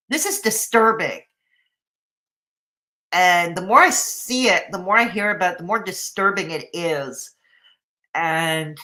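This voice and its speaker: Woman streamer doing snarky reaction commentary, bright sharp voice. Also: mid-range voice. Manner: mocking, scolding asides. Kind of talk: sarcastic live reaction commentary.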